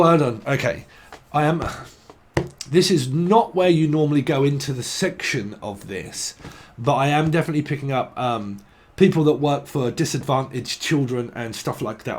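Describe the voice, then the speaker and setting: A man talking through a tarot reading in a loose, rambling way. He jokes, swears casually and drifts into playful chains of word associations. His voice sits at an ordinary, middle pitch. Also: a little hiss or hum. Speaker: tarot reader.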